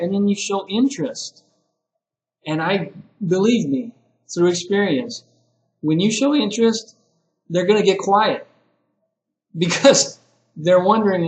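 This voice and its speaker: A man's voice: on the high side, a little slow. A man giving an ESL teacher-training lesson in a conversational way, acting out sample phrases a teacher might say. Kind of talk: lecture-style teaching video. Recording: echoey room.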